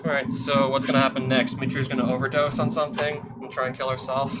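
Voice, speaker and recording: A man's voice: mid-range voice, monotone, fast talker, heavy background noise. Man reading a visual novel aloud. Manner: sardonic asides with swearing. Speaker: let's play host. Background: soft guitar music.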